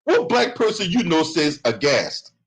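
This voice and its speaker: A man's voice: on the high side, sing-song, a little slow, husky, poor audio. A male commentary host reading a lawsuit aloud and mocking it. His delivery is profane and sarcastic, full of scornful asides. He swings between plain reading and heated ranting.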